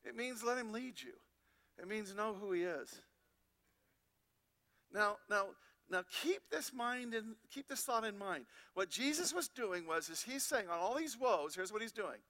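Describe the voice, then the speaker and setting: Pastor guy preaching, pretty high voice, lots of "you see it?" questions. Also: a little slow. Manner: animated preaching, rhetorical questions, reads scripture aloud. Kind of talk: sermon.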